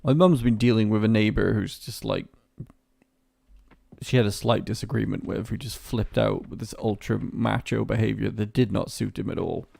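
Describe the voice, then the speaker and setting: Sweary, chatty gravelly game streamer. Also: male voice, on the low side, fairly even intonation, normal speed, a little mellow, no echo. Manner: chatty, sweary, ranting asides. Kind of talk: casual gameplay commentary.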